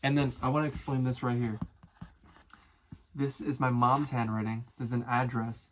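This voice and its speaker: Guy reading something out loud and riffing on it, amused, chatty, swears a bit. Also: medium pitch, little pitch movement, normal speed, a little hiss or hum, rough recording. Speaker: musician and video creator. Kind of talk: casual reading aloud with commentary.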